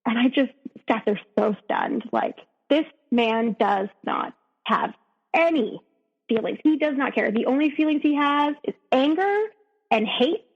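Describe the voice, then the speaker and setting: A woman, a podcast guest, retelling a painful personal story with emotion, often halting and restarting. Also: high-pitched, lively intonation, husky, long reverb tail, highs cut off.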